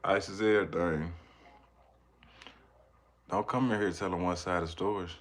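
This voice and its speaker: This father hosts a casual livestream, his voice sitting low and steady at a normal speed. He wanders from topic to topic while responding to what his viewers type in the chat.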